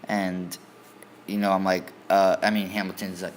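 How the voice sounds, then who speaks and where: A man's voice: sits low, flat delivery, moderate pace, a little hiss or hum. A man casually telling a story in the first person, rambling with many restarts and repeated fillers. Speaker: student storyteller.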